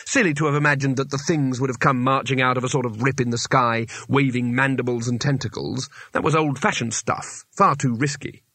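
A man narrating a comic fantasy audiobook in a measured, expressive storytelling manner. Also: mid-range voice, no echo. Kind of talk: scripted narration.

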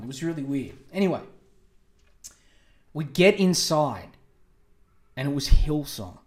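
A crude, animated man in his twenties tells a long story on a podcast. His voice sits a little high for a man. The room rings with a roomy echo. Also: a little slow, pauses often. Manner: crude, animated, acts out quotes in raised voices. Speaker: podcast host. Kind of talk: casual storytelling monologue.

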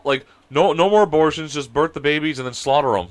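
A young man co-hosting a casual podcast over a video call, sick with a cold, telling animated stories and breaking into high laughter. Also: fast talker, hardly any pauses. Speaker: podcast co-host. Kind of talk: casual chat.

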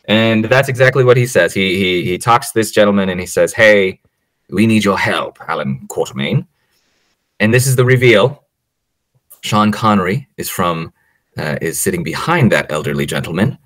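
A man's voice: fairly low pitch, brisk, no room sound. A man co-hosting a podcast, recapping a movie in casual chat, acting out the characters' lines and laughing often. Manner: animated storyteller, acts out quotes, laughs often. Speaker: podcast co-host.

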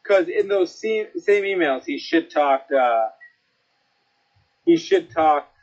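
A man's voice: on the high side, expressive, takes it slowly, a little mellow. A man joining in as a panelist in casual sports talk, sarcastic and emphatic. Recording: dull lo-fi call audio.

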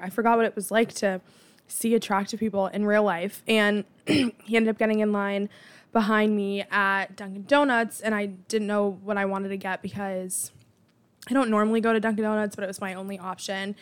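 A woman's voice: on the high side, unhurried. A young woman in her twenties, chatting casually and with sarcasm as she tells dating stories, full of filler words. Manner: chatty, animated, with frequent "like" fillers; sarcastic disbelief. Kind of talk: casual storytelling monologue.

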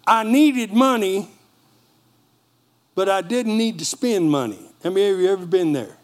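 A middle-aged male pastor delivers a sermon, telling a story with energy and turning to the congregation for responses. His voice sits high for a man. He preaches with a lively, storytelling manner. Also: moderate pace.

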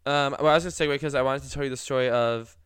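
A young man chatting on a podcast, his words tumbling out quickly. His voice is smooth and clear, recorded close and dry with no room sound. He tells stories loosely, full of fillers. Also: mid-range voice, steady tone, a bit bright, no echo. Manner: chatty storyteller, many fillers. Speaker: podcast co-host. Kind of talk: casual chat.

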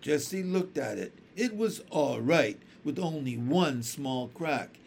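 A man reading a children's book aloud with expressive storytelling. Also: on the high side, takes it slowly, creaky, slight background noise. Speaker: audiobook reader.

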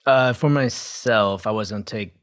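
A man's voice: on the low side, moderate pace. A man in a casual podcast chat who often starts hesitantly. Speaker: podcast co-host.

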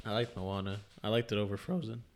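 A young man on a comedy podcast, speaking in a laid-back, low-key casual chat. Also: fairly even intonation, fast talker. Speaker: podcast guest.

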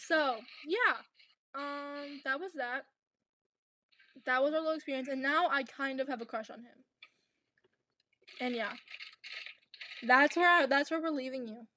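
A woman's voice: sits high, unhurried, pauses often, bright, forceful tone, a little hiss or hum. A young woman co-hosting a podcast, telling a long story in a chatty, rambling way with lots of restarts. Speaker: podcast co-host. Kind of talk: casual chat.

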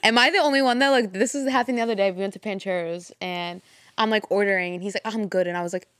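A young woman in her twenties, a guest telling lively date stories and swearing freely. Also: mid-range voice, quick pace, clear, resonant tone, no echo. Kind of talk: casual storytelling.

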